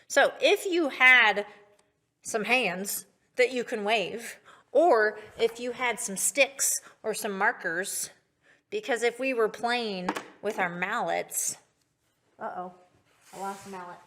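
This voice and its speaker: A woman teaching a children's music lesson in a patient, sing-song, encouraging manner. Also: mid-range voice. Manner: patient, slow, sing-song, bright and encouraging toward kids.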